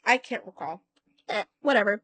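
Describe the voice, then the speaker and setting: A woman's voice: medium pitch, animated, moderate pace, a bit bright, no echo. A woman vlogger telling a long personal story in casual talk, rambling, correcting herself and swearing now and then. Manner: acts out other people's lines in quoted voices.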